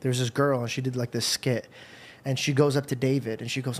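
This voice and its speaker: A man's voice: mid-range voice, level tone, fast talker. A man hosting a podcast, telling his faith story in an earnest, rambling way. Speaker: podcast host. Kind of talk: casual faith conversation.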